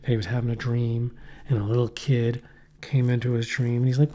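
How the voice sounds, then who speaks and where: A middle-aged man chatting on a podcast, his voice dark and mellow. He rambles, swears freely and keeps breaking off mid-thought to start again. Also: mid-range voice, level tone, fast talker. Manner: rambling, profane, trails off and restarts. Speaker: podcast co-host. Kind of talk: casual chat. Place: poorly heated shack.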